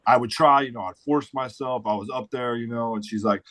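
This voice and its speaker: A man's voice: medium pitch, quick pace, hardly any pauses, sharp tone, no room sound. A man in his forties from the St. Louis area, a podcast guest telling stories in a blunt, laid-back way full of swearing and "dude". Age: 40s. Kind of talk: casual storytelling chat.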